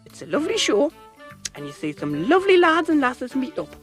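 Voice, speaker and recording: Picture a prim, nagging middle-aged mother scolding her grown son in a cartoon. Her voice sits high and swings wildly up and down. A tune plays faintly behind her. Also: wildly swooping pitch, fairly quick, faint music behind. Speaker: Sid's mother.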